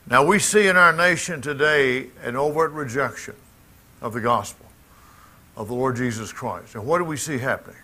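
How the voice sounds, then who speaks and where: Here the Southern-accented Mississippi pastor, middle-aged, sounds bright and forceful at a medium pitch and normal pace. He preaches emphatically to the congregation in a folksy style, with asides aimed at the crowd.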